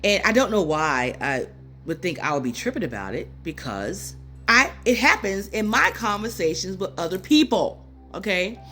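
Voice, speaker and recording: Speaking into her phone with faint music in the background, this spiritual channel host, a woman in her fifties, chats casually with viewers. Her talk is rambling and personal, full of fillers and asides, and she sounds on the verge of tears. Her medium-pitched voice swings widely in pitch at a moderate pace, with a bright, forceful tone.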